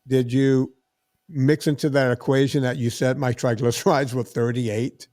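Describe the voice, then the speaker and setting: Animated man telling a story. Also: medium pitch, moderate pace, no echo, clean studio sound. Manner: animated, acts out quoted dialogue. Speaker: podcast host. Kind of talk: casual storytelling.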